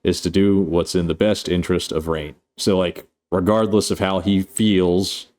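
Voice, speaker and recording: Man, low voice, mellow tone, rambling, profane, casual streamer. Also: fairly even intonation, normal speed. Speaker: streamer reviewing a film. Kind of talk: casual live-stream chat.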